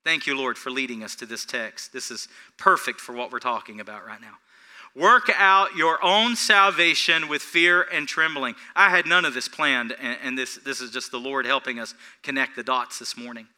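A man's voice: mid-range voice, brisk, hardly any pauses, pushed and bright. A man, the pastor, preaching a sermon without notes and asking the congregation questions.

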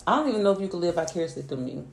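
A woman's voice: fairly low pitch, animated, very fast, creaky, slight background noise. A young woman hosting a podcast, talking bluntly and profanely in casual storytelling chat. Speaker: podcast host. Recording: roomy echo.

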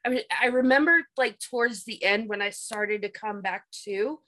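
A woman's voice: on the high side, normal speed, a bit bright, low-quality recording. A woman telling a personal story in a casual chat, rambling and repeating herself with many fillers. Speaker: guest telling a paranormal experience.

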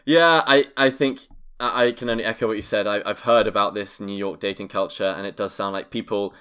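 A man's voice: on the low side, steady tone, a little fast, bright, forceful tone, clear, resonant tone. A man from London, co-hosting a casual chat in a playful, wordy and slightly formal way. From London, England. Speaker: podcast co-host.

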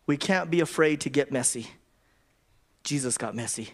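At normal speed and with frequent pauses, a medium-pitched preacher gives a conversational sermon. He tends to repeat and restart his phrases.

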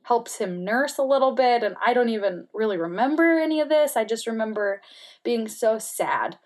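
A woman speaking as an interview guest, telling a personal story candidly with many "like" fillers and softening at times to a near-whisper. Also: a little high, expressive, moderate pace. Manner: candid, heavy use of "like" fillers; emotional, drops to soft near-whispers.

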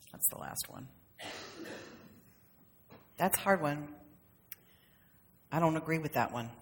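A woman's voice: low voice, expressive, slow pace, long pauses, noisy background. A woman minister giving a conversational, humorous sermon, with playful acted asides. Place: church sanctuary. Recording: long reverb of a sanctuary.

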